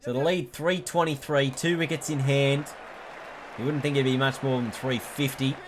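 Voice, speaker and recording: This man's play-by-play on a cricket video game comes at normal speed in an ordinary middle pitch. Chatty and self-correcting, he springs up with excitement when big moments hit, and a clear, steady noise runs under the recording.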